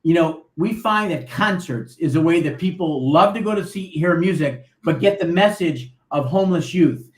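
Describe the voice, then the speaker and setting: Earnest high-voiced man from buffalo, roomy echo. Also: normal speed, few pauses. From Buffalo, New York. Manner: earnest, promotional. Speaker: guest, nonprofit founder. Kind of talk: interview talk.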